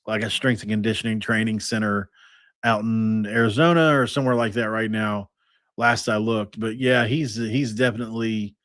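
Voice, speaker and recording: Energetic man on a sports podcast. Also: fairly low pitch, no room sound. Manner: energetic, stat-heavy, rambling. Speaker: podcast host. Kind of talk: casual sports talk.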